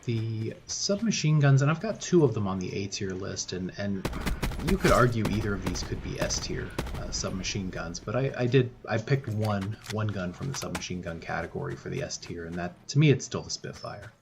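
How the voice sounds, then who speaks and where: A man giving relaxed gameplay commentary as a voice-over, thinking aloud with frequent fillers and restarts. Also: lowish voice, moderate pace, creaky, background noise. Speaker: gaming YouTuber.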